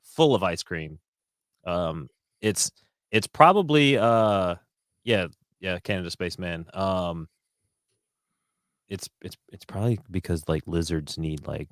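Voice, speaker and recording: Deep, sarcastic man joking around. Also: takes it slowly, long pauses, no room sound, studio quality. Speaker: podcast co-host. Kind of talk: casual chat.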